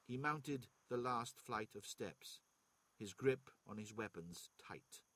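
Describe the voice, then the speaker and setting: Husky man reading a novel aloud, even pace, Norwegian native speaker. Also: lowish voice, slow, no echo. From Norway.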